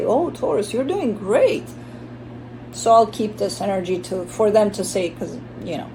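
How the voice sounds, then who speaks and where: A woman's voice: mid-range voice, mellow, slight background noise, poor audio. A woman giving a casual tarot reading, chatty and blunt, swearing now and then and voicing the listener's inner thoughts. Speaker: tarot reader.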